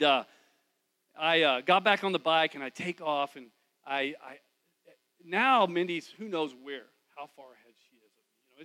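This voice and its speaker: A male pastor preaches in church and tells a personal story in a relaxed, conversational way. His voice is bright and forceful and sits a little high. He drops to near whispers and then rises again. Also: poor audio. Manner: conversational, wide swings from loud to hushed. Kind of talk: storytelling sermon.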